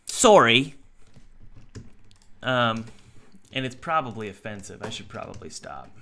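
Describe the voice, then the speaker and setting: Young man, game developer live stream, thinks aloud, bright voice, lively pitch. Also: moderate pace, vocal fry. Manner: self-talking, thinks aloud, chatty with chat. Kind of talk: casual live-stream talk while working.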